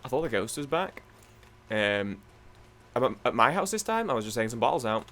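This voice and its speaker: A man's voice: medium pitch, a little fast, slight background noise. Rambling young man telling a story. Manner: rambling, animated, swears casually, many fillers. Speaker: gaming video host. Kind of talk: casual storytelling while playing a game.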